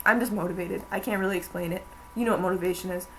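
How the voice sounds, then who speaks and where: A woman's voice: fairly low pitch, steady tone, very fast, fairly bright tone, a little hiss or hum, poor audio. Rambling young woman vlogging. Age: young adult. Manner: rambling, chatty, many fillers. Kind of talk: casual chat.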